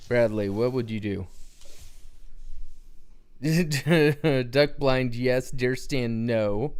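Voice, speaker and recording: Male livestream host, smooth clear voice, chatty and rambling, asks the chat questions. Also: medium pitch, extremely slow, a little mellow. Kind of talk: casual livestream chat with viewers.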